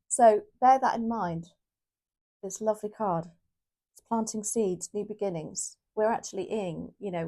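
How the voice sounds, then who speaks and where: A woman's voice: mid-range voice, dark tone. A woman giving a casual, chatty tarot reading to her viewers, often correcting herself as she thinks aloud. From United Kingdom. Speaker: tarot reader.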